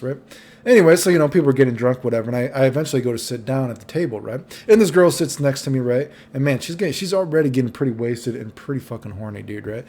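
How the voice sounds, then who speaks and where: A man's voice: medium pitch, lively intonation, fast talker, a little mellow, husky. A young man telling a rambling, profane storytime monologue, tagging lines with "right?". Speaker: vlogger.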